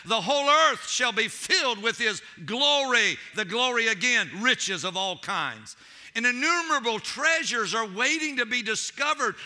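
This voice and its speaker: A man's voice: sits high, sharp tone. A man preaching a sermon as pastor, telling stories with animation and calling out to his congregation as saints.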